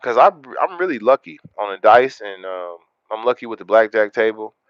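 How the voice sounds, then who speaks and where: A man's voice: fairly low pitch, animated, normal speed, clean tone, no room sound, muffled recording. Laid-back man chatting on a livestream. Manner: laid-back, slangy, talks straight to chat. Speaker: livestream host. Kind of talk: casual livestream chat with viewers.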